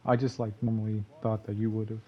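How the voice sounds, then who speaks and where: A man's voice: lowish voice, flat delivery, a little fast, muffled recording. A young man from Texas commentating on his own gameplay in a rambling, loose way, full of fillers and curses. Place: home gaming room.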